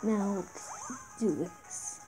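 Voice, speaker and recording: A woman giving casual commentary on her own gameplay, reading the game's text aloud with excited outbursts. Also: medium pitch, drawn-out words, poor audio. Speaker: gameplay video host. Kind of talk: casual let's-play commentary. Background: game music.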